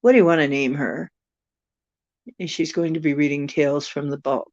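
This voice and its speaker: A woman's voice: low-pitched, steady tone, normal speed, pauses often, a little mellow, no room sound, highs cut off. A woman from the United States hosting a casual live stream, musing aloud and answering viewer comments. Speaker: channel host chatting with viewers.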